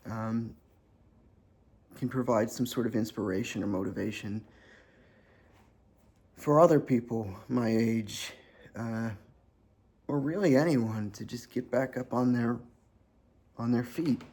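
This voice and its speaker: A man in his thirties from New Jersey, talking about his life in a personal vlog, sarcastic and hesitant with many pauses and ums. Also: medium pitch, darkish tone. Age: 30s. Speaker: vlogger.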